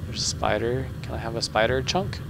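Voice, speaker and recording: A man's voice: medium pitch, lively intonation, a little fast, vocal fry, background noise. A man hosting a gaming channel, giving chatty, self-deprecating let's play commentary, talking to himself with muttered asides and stumbling restarts.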